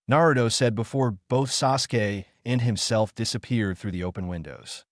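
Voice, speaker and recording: A man with a low voice reads fan fiction in a steady storytelling manner. The recording is dry and close to the mic. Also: normal speed, hardly any pauses, no echo. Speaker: narrator.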